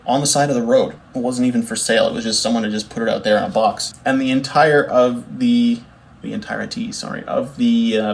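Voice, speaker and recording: A young man, a bassist chatting casually to camera in a rambling, easygoing way with fillers and self-corrections. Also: slight background noise. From Canada. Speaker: bassist showing his record collection.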